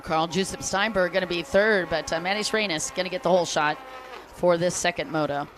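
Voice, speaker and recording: A woman's voice: on the low side, a little fast, a little hiss or hum. A woman announcing a jet ski race live, chatty and upbeat, joking with the crowd. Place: outdoor race venue by the water.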